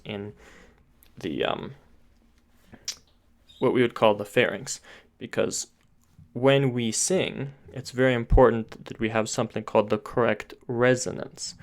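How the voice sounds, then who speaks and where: A man teaching singing technique, explaining step by step and often restarting his sentences as he thinks aloud. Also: mid-range voice. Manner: talks with his hands, pointing to parts of his throat and face.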